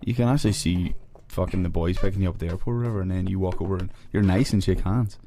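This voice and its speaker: A man's voice: low-pitched, rapid-fire, a little hiss or hum. An Irish man, an MMA fighter, chatting casually and telling stories with lots of swearing. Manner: profane, animated storytelling. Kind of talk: casual chat.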